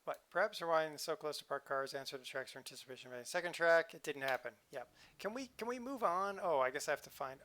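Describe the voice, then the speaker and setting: A man's voice: a little high, animated, fast talker, few pauses, bright, forceful tone. A man hosting a live game stream, chatting casually and joking around as he plays. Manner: playful, jokey, chatty. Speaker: livestream host.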